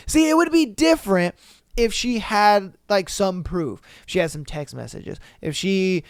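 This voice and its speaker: Smooth, higher-pitched man, blunt podcast host. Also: unhurried, dry recording, studio quality. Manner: blunt, animated, swears casually. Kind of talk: reading a listener story aloud and commenting.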